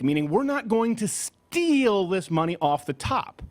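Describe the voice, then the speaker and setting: A man hosting a political commentary show from a studio, with an animated, mocking delivery. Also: high voice, moderate pace. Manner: animated, mocking, breaks into shouted impressions. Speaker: talk show host.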